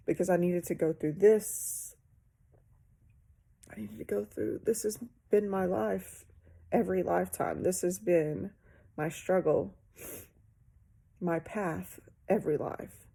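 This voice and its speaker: A woman in her forties giving an emotional spiritual testimony, slow and halting, sighing, with phrases trailing into whispers. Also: on the low side, steady tone, gravelly, dark tone, breathy edge. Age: 40s.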